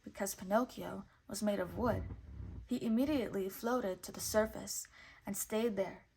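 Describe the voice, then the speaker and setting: A woman reading a children's storybook aloud in clear, measured narration. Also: mid-range voice, darkish tone, slight background noise. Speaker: storybook reader.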